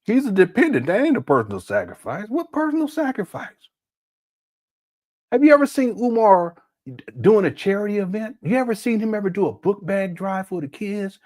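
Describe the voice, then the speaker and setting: A man's voice: high-pitched, big pitch swings, brisk, darkish tone. A man hosting a casual reaction commentary, joking and laughing as he fires off incredulous rhetorical questions. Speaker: commentary host.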